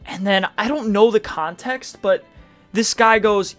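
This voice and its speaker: A man's voice: sits high, a little slow, fairly bright tone, soft background music. A man streaming casual reddit reaction commentary, chatty with sarcastic asides, reading posts aloud in a mocking tone.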